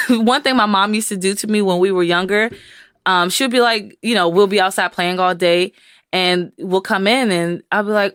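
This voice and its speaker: A woman co-hosting a podcast in casual chat, animated and given to acting out quoted voices. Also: moderate pace, clean tone, dry recording, clean studio sound. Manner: animated, acts out quoted voices in high pitch. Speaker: podcast co-host.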